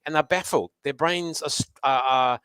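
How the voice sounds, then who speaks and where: A man who runs a youth learning program, speaking as a guest and telling lively anecdotes. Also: on the high side, moderate pace, clear, resonant tone, no room sound. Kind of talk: storytelling conversation.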